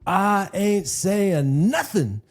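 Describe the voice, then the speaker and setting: A man's voice: high voice, sing-song, drawn-out words, faint music behind, voice pushed up, exaggerated voice. A man voicing a stubborn talking dog in a joke he tells on a podcast.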